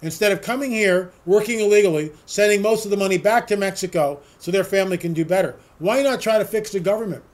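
A man's voice: high-pitched, fast, few pauses. A man hosting a political talk show, delivering an emphatic, sarcastic opinion monologue full of rhetorical questions.

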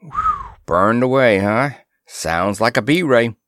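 A confident navigator drops casual, knowing remarks at an unhurried pace, as a male reader puts him on. His pitch moves around a lot. It is heard in a close, dry storybook reading. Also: expressive, fairly bright tone, no echo. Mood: wry.

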